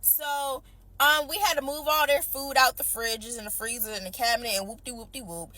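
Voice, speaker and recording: A woman's voice: sits high, steady tone, brisk, pushed and bright. A young woman chattily retelling a family story in a casual, slangy way, full of fillers.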